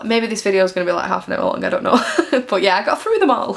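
Young woman, Mancunian accent, casual giggly vlogger with a gravelly fry. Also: medium pitch, expressive, racing. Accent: Mancunian English. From Greater Manchester, England. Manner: chatty and giggly, reads fan questions aloud. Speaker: YouTuber. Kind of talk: casual Q&A vlog.

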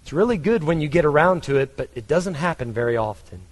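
A man's voice: on the high side, animated, quick pace, big-room sound. A man with a Texan accent preaching a conversational sermon, asking his congregation questions. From Texas. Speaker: pastor.

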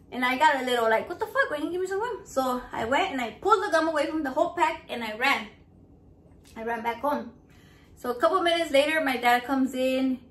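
A woman's voice: sits high, fairly bright tone. A young woman vlogger telling a painful personal story in blunt, profane, emotional words. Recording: echoey room.

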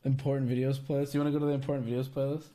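A young man hosting a stream, high and giggly, teasing and swearing loudly at his co-host. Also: level tone, rapid-fire. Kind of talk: casual stream banter.

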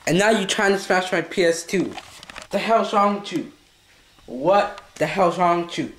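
Man vlogger scolding someone in a skit, sweary and repetitive, high-ish voice, echoey room. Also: unhurried, a bit bright, a little hiss or hum. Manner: scolding, heavy swearing, repeating himself. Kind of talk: comedy skit acting.

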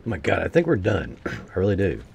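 A man's voice: deep voice, wildly swooping pitch, a little fast, creaky, a little mellow, muffled recording, a little hiss or hum. A man giving casual gameplay commentary, swearing freely and grumbling to his viewers as he plays. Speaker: gameplay streamer.

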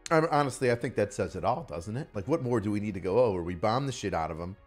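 A man's voice: on the low side, animated, fast talker, faint music behind. A man giving profane, mocking live-stream commentary on a news video, often bursting into laughter.

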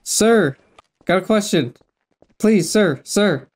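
A man hosting a game video, chatting casually and excitedly in voice chat as he plays a role, often pleading and swearing. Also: sits high, slow. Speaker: gaming video host.

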